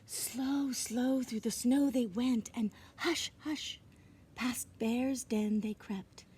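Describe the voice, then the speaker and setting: A woman reading a children's storybook aloud outdoors, gentle and expressive, sometimes dropping into whispered asides. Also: fairly high pitch, slow, slight background noise. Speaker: reader. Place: outdoors in winter. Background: birds chirping.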